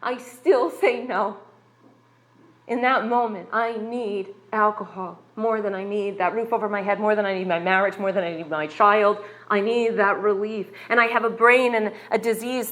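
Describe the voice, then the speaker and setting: A woman's voice: mid-range voice, a bit bright. A woman in her thirties from the US sharing an earnest, confessional personal testimony at a recovery meeting, emphatic and full of asides like "like" and "right".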